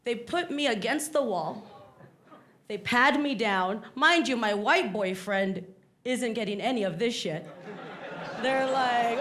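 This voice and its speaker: This is a South Texas woman doing stand-up storytelling in front of a live club crowd, her voice fairly high and unhurried. She's animated, impersonating the people she describes, while the audience laughs amid faint background noise.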